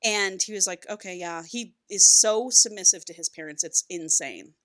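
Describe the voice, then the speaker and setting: A woman's voice: medium pitch, moderate pace, fairly bright tone. A woman co-hosting a podcast, casually recapping a book and acting out its characters' lines, with frequent swearing. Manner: swearing, acts out characters' lines in a chatty retelling. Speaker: podcast co-host.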